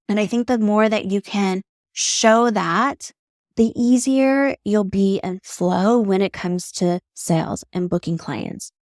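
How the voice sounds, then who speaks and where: A woman's voice: medium pitch, a little mellow, no room sound, studio quality. A young adult woman hosting her own podcast, telling personal stories in a candid, heartfelt way with casual swearing. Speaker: podcast host, beauty artist. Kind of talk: solo podcast monologue.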